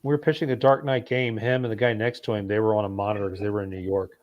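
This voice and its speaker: A man's voice: lowish voice, flat delivery, fast talker, darkish tone, no echo, highs cut off. A man in a casual online chat, telling a story in a rambling way with many fillers and restarts. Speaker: guest in a geek chat stream.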